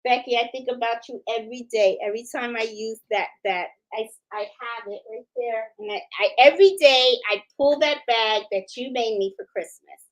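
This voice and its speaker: A middle-aged woman from New York City runs a loose live chat, full of fillers and restarts, saying hello to viewers one by one. She speaks at a fairly high pitch and normal speed with few pauses, and the audio sounds dull.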